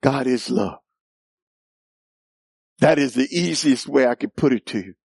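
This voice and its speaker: A man preaching a sermon in a church, calling out questions to the congregation, teasing with laughs and rising to shouts. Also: mid-range voice, unhurried, vocal fry, breathy edge, dry recording, clean studio sound. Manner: playful teasing asides with laughter.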